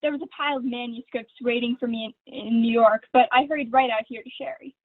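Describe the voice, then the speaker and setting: A woman's voice: a little high, fairly even intonation, fast, no room sound, lightly acted. A young woman acting a vain, gushing glamorous stage actress in a school play read over a video call. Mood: catty. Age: teens. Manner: theatrical, affected, honeyed. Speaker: student actor. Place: at home. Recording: dry, tinny video call audio.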